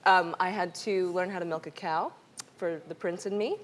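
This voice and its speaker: A young actress from New York City chats as a talk show guest in a television studio. Her voice sits on the low side for a woman, and she laughs easily, filling her stories with ums and restarts. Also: steady tone, normal speed, slight background noise. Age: young adult. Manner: giggly, with many fillers and restarts.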